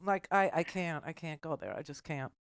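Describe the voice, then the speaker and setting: A woman's voice: low voice, animated, moderate pace, smooth, no echo, clean studio sound. An older woman hosting a radio talk show, rambling and self-deprecating, laughing often through an emotional farewell with callers.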